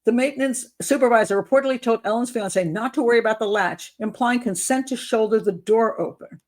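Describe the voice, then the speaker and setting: A woman's voice: a little high, brisk, darkish tone. A woman giving commentary as a criminal profiler, sarcastic and incredulous as she talks.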